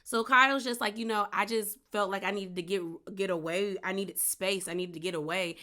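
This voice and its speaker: A woman's voice: medium pitch, steady tone, fairly quick, bright, forceful tone. A woman recapping a reality show in a chatty, gossipy way, full of "girl" and "like" asides. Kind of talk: casual recap commentary.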